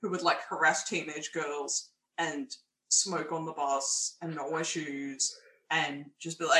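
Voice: mid-range voice, level tone, unhurried, bright, forceful tone. A young adult with an Australian accent co-hosting a casual film review chat, speaking frankly and crudely. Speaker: podcast co-host. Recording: roomy echo, faint background noise.

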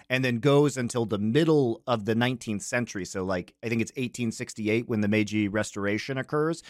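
A man's voice: mid-range voice, no echo, clean studio sound. A man hosting a podcast, chatting casually and explaining with enthusiasm. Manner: enthusiastic, explanatory, many fillers. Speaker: podcast host.

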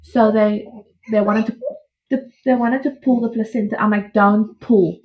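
A young woman casually telling her own birth story, animated and laughing as she acts out what she said back then. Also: on the high side, normal speed. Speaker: podcast guest. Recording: dull lo-fi audio.

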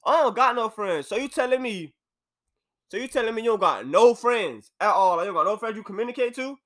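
A man's voice: high-pitched, a little fast. A young man hosting a podcast from an apartment, ranting casually in loose slang. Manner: loose, animated slang-heavy rant. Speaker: podcast host.

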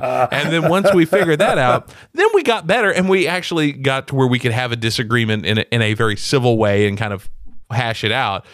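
A man's voice: medium pitch, no room sound. A middle-aged man co-hosting a casual chat podcast, telling stories with acted-out quotes and frequent laughter. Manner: animated storyteller, acts out quotes, laughs often. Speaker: podcast co-host.

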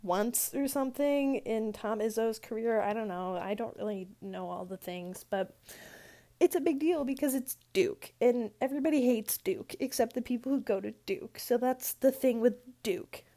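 A woman's voice: a little high, normal speed, warm tone. A young woman telling a rambling story in a casual chat style, full of fillers and asides. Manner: rambling, chatty, lots of "like" fillers. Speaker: vlogger.

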